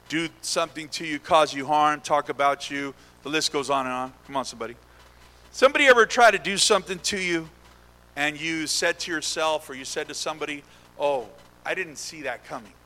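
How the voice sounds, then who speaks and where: A young adult male pastor preaching a sermon, calling out to the congregation and building to shouts. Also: fairly high pitch, expressive, moderate pace. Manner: call-and-response preaching, rising to shouts. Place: church sanctuary. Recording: echoey hall with long reverb.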